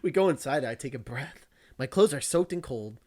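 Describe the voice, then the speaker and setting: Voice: medium pitch, lively intonation, moderate pace, a little mellow. A VTuber reading a visual novel aloud, breaking off for joking, crude, teasing asides and frequent laughs.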